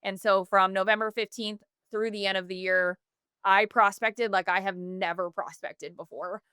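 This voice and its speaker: A woman's voice: medium pitch, steady tone, moderate pace, bright, forceful tone, clean tone, no echo, clean studio sound. A woman in her thirties, a podcast guest, telling a personal story earnestly, with many fillers and self-corrections. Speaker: podcast guest, business founder.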